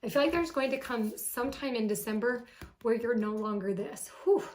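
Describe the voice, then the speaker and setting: Woman tarot reader, young adult, fairly high voice, gushing and heartfelt, casual delivery. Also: normal speed, a little mellow, slight background noise. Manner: emotional, affectionate, gushing, sighing "whew". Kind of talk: casual tarot reading to camera.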